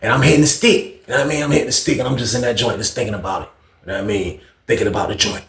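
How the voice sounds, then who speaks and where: A man's voice: mid-range voice, steady tone, creaky, fairly bright tone, roomy sound. A man telling a story in casual, slangy street talk, full of asides to his listeners. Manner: slangy, drawn-out street talk with lots of fillers.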